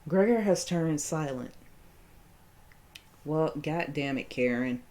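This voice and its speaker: A woman hosts a horror game playthrough on her gaming channel, reading the text aloud and reacting with shocked exclamations and nervous laughs. Her voice sits low, slow and expressive with a darkish tone, and music plays behind the playthrough.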